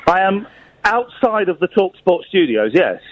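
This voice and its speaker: A man's voice: high voice, big pitch swings, unhurried, highs cut off, crowd noise. A man hosting a late-night radio phone-in, out of breath and talking in a playful, teasing way from a spot outside the studio. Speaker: radio host. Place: hiding outside the studio building.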